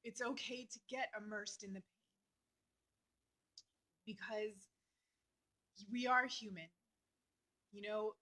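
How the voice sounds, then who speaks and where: A woman vlogger talking earnestly and openly about her feelings, with many fillers and pauses. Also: medium pitch, bright, forceful tone, rough recording. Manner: earnest, heartfelt, talks through emotion with many fillers. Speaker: astrology vlogger. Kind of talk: personal reflective talk to camera.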